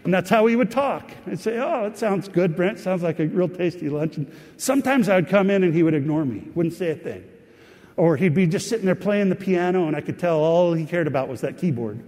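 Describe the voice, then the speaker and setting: A man telling a rambling personal story to an audience, pausing often. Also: high voice. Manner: warm, rambling anecdotal storytelling with pauses. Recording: long hall reverb.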